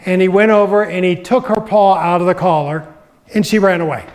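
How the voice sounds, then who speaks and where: Guy with a pretty high voice giving a talk on stage, tells stories and does little voices for people. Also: steady tone, fairly quick, darkish tone. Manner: storytelling, acts out quoted voices. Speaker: grief expert giving a public talk. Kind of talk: public presentation.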